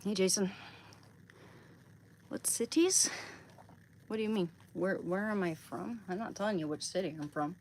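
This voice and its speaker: A woman with a somewhat low voice chats on her livestream in a loose, rambling way. She says hello to viewers by name between her thoughts. A faint noise sits under her voice. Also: fast talker, few pauses, darkish tone, poor audio. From Oregon, USA. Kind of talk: casual livestream chat.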